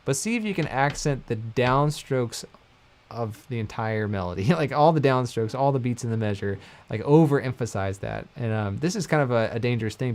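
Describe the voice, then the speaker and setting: Relaxed man teaching mandolin live. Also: fairly low pitch. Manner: relaxed, rambling, self-correcting with frequent "like" and "um". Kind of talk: casual livestream lesson. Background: mandolin playing between phrases.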